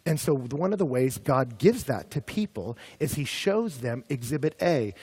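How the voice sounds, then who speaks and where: A young man preaching a sermon to college students, lively and animated, building up to shouting when he retells stories. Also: medium pitch, moderate pace, few pauses, slightly rough, dry recording. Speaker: pastor. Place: campus ministry gathering.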